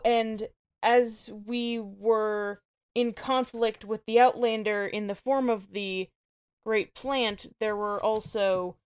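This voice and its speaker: A woman's voice: medium pitch, a little mellow, dry recording. A woman playing her character in a tabletop role-playing game, speaking formally while searching for words. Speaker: player.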